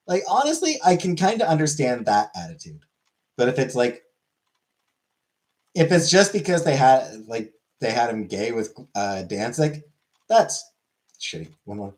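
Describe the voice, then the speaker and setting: A man's voice: on the high side, very animated, moderate pace, a little mellow. A man chatting casually on a livestream, rambling and offhand, swearing now and then.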